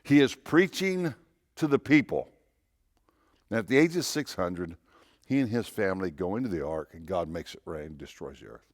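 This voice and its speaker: A man's voice: deep voice, animated, normal speed, no echo, studio quality. A man, a pastor, preaching a conversational sermon in church, repeating phrases and asking rhetorical questions.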